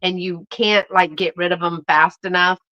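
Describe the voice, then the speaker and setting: A woman's voice: fairly low pitch, fairly even intonation, moderate pace, bright, forceful tone, highs cut off. A woman, chatting casually and bubbly with viewers as the host of a live reseller stream. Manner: chatty and bubbly, many fillers and restarts, addresses viewers as y'all. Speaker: YouTube vintage reseller hosting a live stream.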